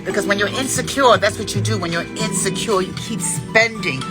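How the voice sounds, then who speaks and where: Over loud music, a woman in her fifties riffs without a script, dispensing crude, straight-talking advice about life. Her pitch is medium and her pace moderate; she sounds preachy, and her emphasis lurches dramatically.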